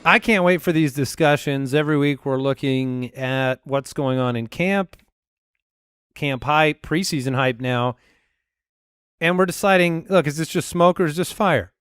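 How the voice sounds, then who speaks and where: A man's voice: a little high, unhurried, a bit bright, clear, resonant tone, dry recording, studio quality, faint music behind. A man co-hosting a fantasy football podcast, debating eagerly in casual chat. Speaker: podcast co-host.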